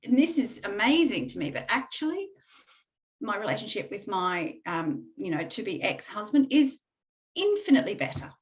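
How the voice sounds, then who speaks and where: A middle-aged woman, a coaching client, speaking candidly and reflectively in conversation, halting often with fillers. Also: mid-range voice, sing-song, low-quality recording.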